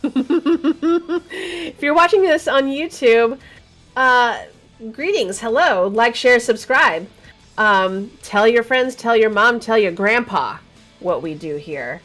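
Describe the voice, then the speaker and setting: A woman's voice: a little high, animated, slow, long pauses, fairly bright tone, faint music behind. A woman co-hosting a casual gaming talk show, chatty and teasing, laughing often. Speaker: podcast co-host.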